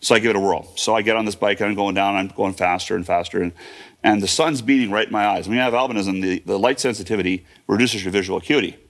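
Tell it fast, low and gravelly, like a man in his fifties reliving a childhood story. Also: fairly bright tone. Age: 50s. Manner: vivid present-tense retelling with fillers and restarts. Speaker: guest. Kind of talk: personal storytelling.

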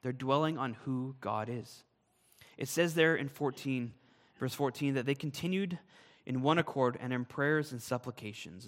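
A man's voice: medium pitch, a bit bright, long reverb tail. A man, a pastor, preaching a sermon with earnest, emphatic delivery.

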